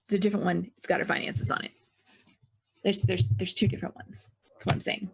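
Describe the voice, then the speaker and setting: Woman, mid pitch, creaky gravelly tone, halting explainer among friends. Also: flat delivery. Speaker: tabletop game player. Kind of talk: casual chat among players.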